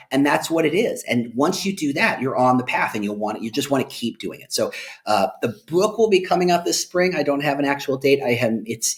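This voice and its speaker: A middle-aged man, a guest on an interview, talking in an animated, joking way and often tagging lines with "right?". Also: medium pitch. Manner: animated, jokey, emphatic with rhetorical "right?". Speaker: guest, employer branding expert. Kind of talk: conversational interview.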